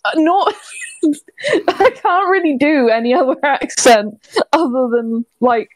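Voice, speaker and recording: A woman's voice: high voice, expressive, measured pace, no room sound. Giggly British woman streamer. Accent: British English. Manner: giggly, bubbly, laughs often. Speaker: streamer host. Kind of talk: casual gaming stream chat.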